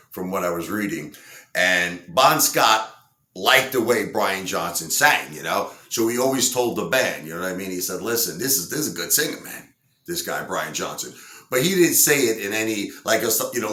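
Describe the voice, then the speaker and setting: An entertainer storyteller tells a casual, rambling story packed with fillers, acting out quotes in other voices. His low-pitched voice is bright and forceful, with a roomy sound.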